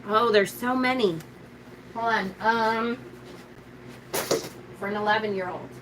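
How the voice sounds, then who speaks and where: A chatty woman hosting a casual tarot live stream, gushing over her decks and thinking aloud as she answers viewers. Her voice sits at a moderate pitch, and a faint hiss runs underneath. She slows down and lowers her voice when she reads a card's meaning aloud. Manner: reads card descriptions aloud slowly and low. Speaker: tarot reader and livestream host.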